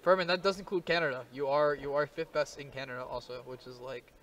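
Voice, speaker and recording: A man's voice: mid-range voice, steady tone, fairly bright tone. A man doing casual, joking live-stream commentary on a card game match. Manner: joking, rapid banter with laughs.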